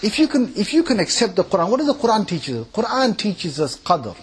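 A married man with three kids preaching an informal sermon to a live audience, animated, mimicking people and asking the audience questions. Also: high voice, fast, slight background noise. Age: adult, married with three kids.

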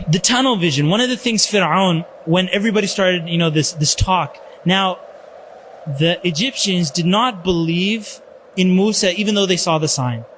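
A man giving a religious lecture, telling stories in an animated way and peppering his talk with Arabic religious phrases. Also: sits high, normal speed, slight background noise. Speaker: Islamic lecturer.

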